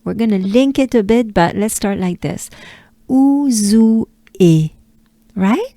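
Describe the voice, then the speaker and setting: This pronunciation teacher from France, speaking with a French accent, guides learners patiently by repeating sounds and coaching their breathing, occasionally dropping to a whisper. Her mid-range voice is gravelly and dark at a moderate pace, recorded without room sound.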